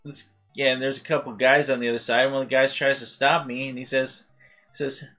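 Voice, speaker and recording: A man hosting a let's play, chatting casually over gameplay and laughing often as he tells stories with lively acted-out voices. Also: medium pitch, a little fast, faint music behind. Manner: animated, acting out voices in his anecdotes.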